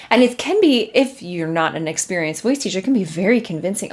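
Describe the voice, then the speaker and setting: A chatty woman hosting her own podcast about singing, talking straight to her listeners. Her pitch swings widely as she slips into quick impressions of doubtful students and laughs along the way. She sits at a middling pitch for a woman. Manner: animated and chatty, laughs often; acts out students' doubting thoughts. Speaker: voice teacher and podcast host. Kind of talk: casual solo podcast talk.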